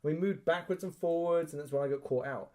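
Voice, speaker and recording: A man's voice: a little high, brisk. A man co-hosting a podcast, telling a story in casual chat and acting out the quotes. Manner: animated storyteller, acts out quotes, swears. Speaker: podcast co-host.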